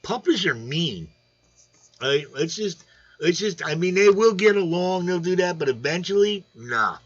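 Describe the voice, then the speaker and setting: A man's voice: high-pitched, expressive, moderate pace, dull audio. A man hosting a casual fish livestream, rambling and joking while greeting viewers by name. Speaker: aquarium channel host. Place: home room.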